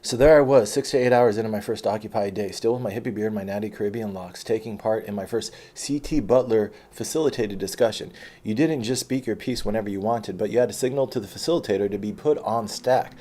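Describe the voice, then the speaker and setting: A man performing an autobiographical stage monologue, profane and animated, sometimes dropping to a hushed whisper. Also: fairly low pitch, fast. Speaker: storyteller.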